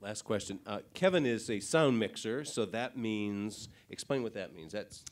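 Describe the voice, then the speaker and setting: A man's voice: fairly low pitch, expressive, normal speed. A man moderating a panel interview, asking rambling, searching questions.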